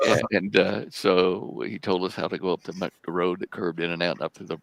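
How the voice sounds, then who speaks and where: Deep gravelly older man spinning a story. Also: steady tone, fairly bright tone, no room sound. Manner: halting, repeats words while telling a story. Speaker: guest researcher. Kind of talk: storytelling in a live talk show.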